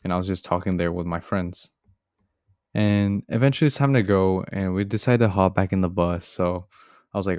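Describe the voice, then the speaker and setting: A man's voice: deep voice, steady tone, brisk, darkish tone, clear, resonant tone, no room sound, studio quality. A young man telling a story from his childhood in a casual, rambling, slightly sheepish way, full of fillers. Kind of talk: casual animated storytime narration.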